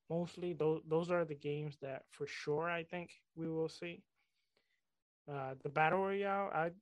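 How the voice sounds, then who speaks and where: A man on a podcast, speaking in a slightly high voice with a dry, close sound. He muses aloud, pausing and restarting as he works through his thoughts in a relaxed chat. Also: no echo. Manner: hesitant, thinking aloud with restarts. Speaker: podcast co-host. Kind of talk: casual gaming chat.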